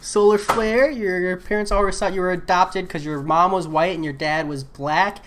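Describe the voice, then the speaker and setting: A man's voice: sits high, steady tone, moderate pace, a bit bright, slight background noise. A man chatting casually while live-streaming a game, answering viewer messages in a laid-back way.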